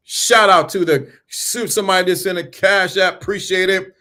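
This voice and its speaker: A blunt man in his fifties speaking hosts his own channel and lectures in a preachy, repetitive way. He mocks the people he is turning away and keeps circling back to the same lines. His voice sits a little high for a man. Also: normal speed, sharp tone. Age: 50s. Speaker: channel host. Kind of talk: blunt motivational monologue.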